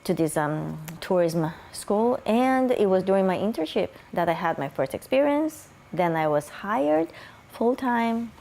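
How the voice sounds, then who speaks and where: A woman's voice: medium pitch, sing-song, a little slow, vocal fry, mellow. A woman from Brazil, a guest in an interview, telling her life story in a chatty way with frequent light laughter.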